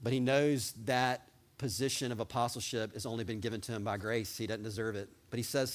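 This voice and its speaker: A man preaching a sermon as pastor, talking with excited energy that rises at times into yelling. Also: mid-range voice, brisk.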